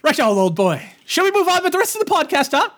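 Man putting on a smug plummy alien with a british accent, high and swooping. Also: very animated, fast, fairly bright tone, exaggerated voice. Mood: teasing. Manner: plummy, theatrical. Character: posh British-mannered space alien, male, smug.

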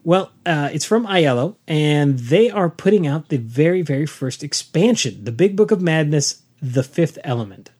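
Playful man with a lively voice. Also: a little high, moderate pace, few pauses, breathy edge. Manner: playful, quotes movie lines and jokes around. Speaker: podcast co-host reading the news. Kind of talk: casual chat about board game news.

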